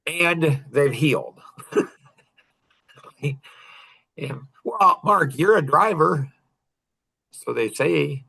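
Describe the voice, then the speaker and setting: A middle-aged man leading a coaching group, telling a personal story in a casual, animated way with frequent laughter. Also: on the high side, very slow, vocal fry, pauses often, slightly rough.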